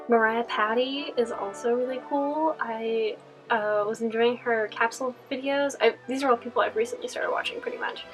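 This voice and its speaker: A woman's voice: on the high side, rough recording. A young woman from California answering Q&A questions in a casual vlog, rambling with lots of fillers and laughs. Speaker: costume vlogger.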